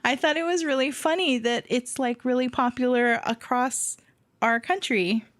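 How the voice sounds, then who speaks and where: A woman's voice: high voice, steady tone, normal speed, dry recording. A woman from Hawaii co-hosting a podcast in casual chat, laughing often as she talks. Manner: giggly, laughs often while talking. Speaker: podcast co-host.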